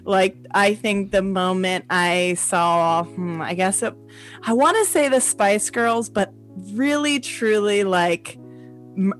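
A woman's voice: mid-range voice, slow pace, faint music behind. A woman guest on a podcast, a comedian, chatting casually and gushing with lots of "like". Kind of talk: casual interview chat.

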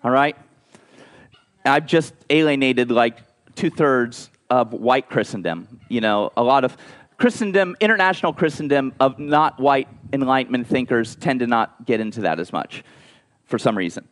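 A man preaching a conversational sermon, telling stories with lively asides and frequent restarts. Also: mid-range voice, normal speed. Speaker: pastor.

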